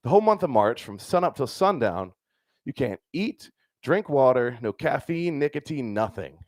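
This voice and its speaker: A male stand-up comic quoting his laid-back buddy who is explaining a fast in a matter-of-fact way, in nearly his own voice. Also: mid-range voice, very animated, no echo, close to an everyday voice.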